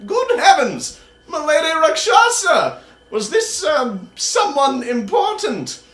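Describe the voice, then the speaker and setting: A man voicing a fussy, nervous elderly male wizard in a tabletop game, speaking in a shrill, exclamatory way. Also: wildly swooping pitch, slow pace, a bit bright, heavily acted. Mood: alarmed. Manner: shrill, exclamatory, high-pitched. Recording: roomy echo.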